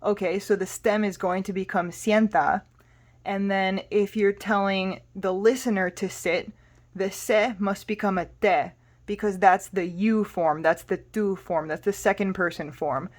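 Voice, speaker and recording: A woman's voice: mid-range voice, steady tone, a little slow. A woman teaching a Spanish lesson, explaining patiently and spelling words out letter by letter.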